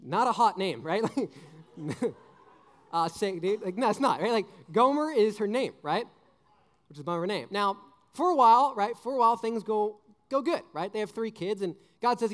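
A young man, a junior high pastor, giving a joking youth sermon full of stories, restarts and "like". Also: normal speed, big-room sound. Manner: animated, joking, many restarts and "like".

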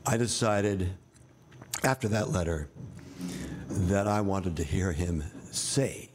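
An American actor and director in his seventies spins rambling, vivid stories with wry asides during a candid interview. His voice is low and slow, and there's noise in the background.

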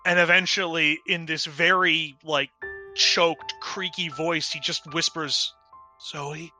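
A man talks through his character's actions in casual role-play, full of fillers. His voice is very bright and fairly high, with faint music behind. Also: steady tone, slow, rough recording. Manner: filler-heavy, thinking aloud. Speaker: player.

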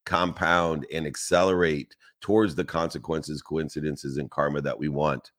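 Deep-voiced male motivational speaker, emphatic, list-heavy cadence, rhetorical questions. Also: fairly even intonation, moderate pace, fairly bright tone. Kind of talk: motivational talk.

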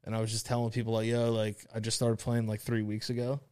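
A man's voice: lowish voice, monotone, fast, darkish tone, clean tone, no room sound, clean studio sound. A young man co-hosting a podcast, talking in a laid-back, slangy way and reading ads loosely. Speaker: podcast co-host. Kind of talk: casual chat.

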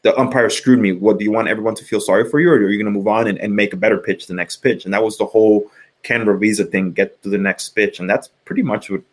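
A middle-aged man with a low voice talks casually on a podcast. He rambles, restarting his sentences and leaning on fillers as he goes. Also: fairly even intonation, fast. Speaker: podcast co-host, former college pitcher. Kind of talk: casual sports chat.

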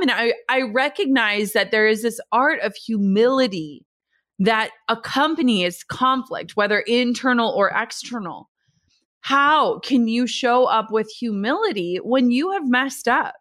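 A woman's voice: fairly high pitch, a little slow. A woman in her thirties hosting a podcast, talking casually and earnestly and reading sponsor spots. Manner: earnest, animated storytelling. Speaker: podcast host. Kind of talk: casual podcast talk with read ads.

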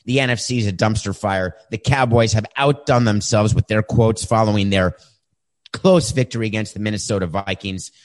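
A man hosting a sports betting talk show, animated and sarcastic, with quick asides. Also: fairly low pitch.

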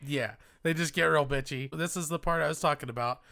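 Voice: mid-range voice, brisk, creaky, bright, forceful tone. A podcast co-host chatting casually about a film, with dry, wry asides. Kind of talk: casual chat.

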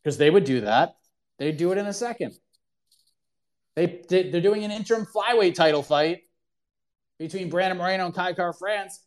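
Guy hosting a call-in sports show, kinda high voice, opinionated, hammers his points home. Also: lively intonation, fairly quick. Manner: emphatic, opinionated, repeats himself for emphasis. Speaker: podcast host answering callers.

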